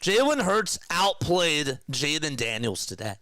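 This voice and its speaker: A young man hosting a casual sports livestream, talking to his chat with excitement and emotion. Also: mid-range voice, a little slow, long pauses, clean tone, no echo.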